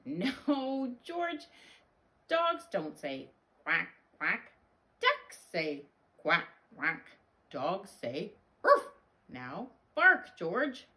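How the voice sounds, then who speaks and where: A woman reads the part of a patient storybook dog owner, correcting her pet slowly and with emphasis. Her voice rises and falls widely and she takes her time over each word. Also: lowish voice, wildly swooping pitch, sharp tone, heavily acted. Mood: patiently correcting. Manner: slow, emphatic teaching tone, drawn-out words.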